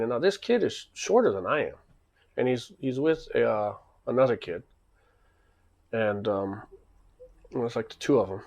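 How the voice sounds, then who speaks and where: A man's voice: mid-range voice, animated, moderate pace, creaky, long pauses, a little mellow, dull audio. A man casually telling a rambling story, acting out the back-and-forth.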